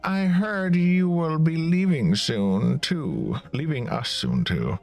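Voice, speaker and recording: A man voicing a scornful, bossy male prison guard who taunts the inmates with slow, drawn-out mockery. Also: fairly high pitch, expressive, vocal fry, a little mellow, soft background music, pitched above the performer's own voice, exaggerated voice. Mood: mocking. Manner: taunting, drawn-out mocking delivery.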